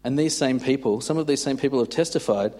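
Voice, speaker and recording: A male preacher delivering a sermon and reading passages aloud. His mid-range voice stays grave and earnest, and his delivery is measured. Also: medium pitch, dark tone.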